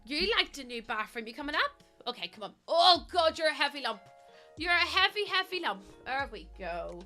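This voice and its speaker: A woman's voice: high-pitched, sing-song, moderate pace, pushed and bright, soft background music. A woman streaming a game in a casual, rambling chat. She giggles often, says um a lot, and coos in baby talk to her dog. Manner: chatty and giggly, rambling with many ums.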